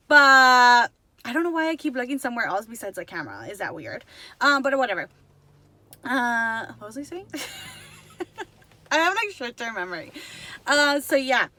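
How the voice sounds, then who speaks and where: A young woman in her twenties telling a story to the camera, chatty and fast, slipping between Spanish and English. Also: high voice, pushed and bright, dry recording. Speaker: vlogger.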